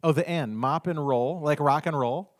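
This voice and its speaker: A man speaking to a workshop audience in a lively, conversational way, his voice sitting a bit high for a man. He slips into quick acted-out dialogues to make his points. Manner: animated, acts out little dialogues. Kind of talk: informal workshop talk.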